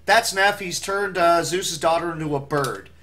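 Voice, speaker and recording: High, bright-voiced rambling speedrunner man. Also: moderate pace. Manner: rambling, self-mocking joking. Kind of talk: live gameplay commentary.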